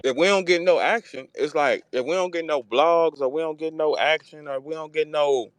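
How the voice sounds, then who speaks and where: Man, talk host, casual live audio chat, animated, profane, dry close sound. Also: moderate pace, clean tone, no room sound. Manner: animated, profane, acts out quotes in a higher voice.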